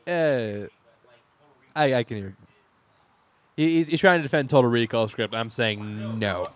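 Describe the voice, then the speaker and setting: A man's voice: mid-range voice, measured pace, no echo. A young man hosting a casual news chat, joking, laughing often and restarting his sentences. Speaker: podcast host.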